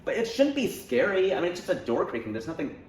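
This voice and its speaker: A man in his forties, a comedian guest, talking in a casual interview with a lively, joking, argumentative manner. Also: high voice, quick pace. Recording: roomy echo, faint noise.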